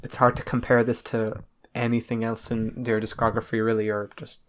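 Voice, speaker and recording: A man co-hosting a casual podcast, talking in a flat monotone. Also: mid-range voice, moderate pace, a little hiss or hum. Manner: monotone delivery. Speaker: podcast co-host.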